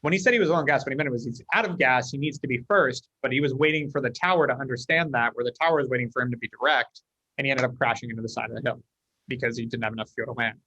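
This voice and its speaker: Brief: American male guest, rapid anecdotal delivery, slightly dull recording. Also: mid-range voice, no echo. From United States. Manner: fast, animated storyteller acting out dialogue. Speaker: guest, company leader. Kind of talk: casual interview talk.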